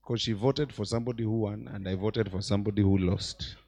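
A man preaching a sermon in church as bishop, swinging between loud exclamations and quiet asides. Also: lowish voice, a little fast. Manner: animated preacher, mixes shouts with quiet asides.

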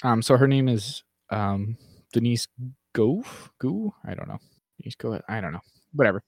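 A man's voice: mid-range voice, dry recording, clean studio sound. Rambling man recapping with restarts. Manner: mimics characters in quick acted asides. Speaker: podcast co-host. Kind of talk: casual chat.

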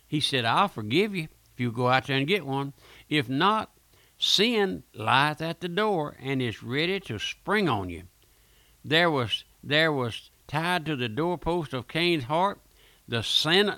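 A man's voice: mid-range voice, creaky, pushed and bright, no room sound. An older man preaching a fervent, pleading sermon, repeating his phrases and calling out to listeners. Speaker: radio preacher.

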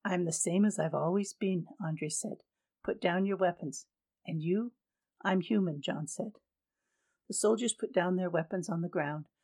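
Husky woman reading a story aloud. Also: on the low side, measured pace, darkish tone. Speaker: audiobook reader. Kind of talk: scripted narration.

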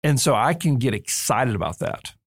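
A man's voice: medium pitch, big pitch swings, normal speed, breathy edge, dry recording. A man hosting a podcast in a studio, talking in an emphatic, earnest way with touches of humor. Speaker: podcast host and seminary leader. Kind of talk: conversational podcast discussion.

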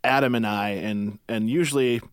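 A man's voice: mid-range voice, normal speed, clean tone, dry recording. Easygoing guy on a podcast, cracks himself up, does silly voices, dry sound. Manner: laughs often, loose and joking, slips into impression voices. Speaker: guest. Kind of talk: casual podcast conversation.

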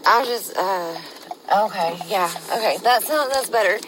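A woman speaking in a halting, flustered way, trailing off as she struggles to find her words. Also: mid-range voice, animated, background noise.

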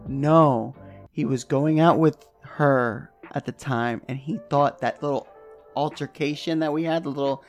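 A man's voice: a little high, a little slow, soft background music. A man co-hosting a podcast, telling a casual story, swearing freely and laughing as he goes. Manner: lively and laughs often while telling the story. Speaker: podcast co-host.

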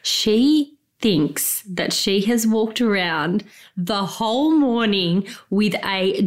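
A woman's voice: mid-range voice, animated, slow pace. Chatty, blunt woman co-host. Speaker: podcast co-host. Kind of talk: casual chat.

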